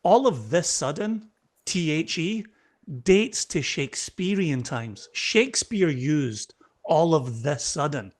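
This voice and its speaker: A man's voice: fairly high pitch, lively intonation, slow. A man who is a guest on a podcast, chatting casually and teasing his friend with stories. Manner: playful, teasing storyteller. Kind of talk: casual chat.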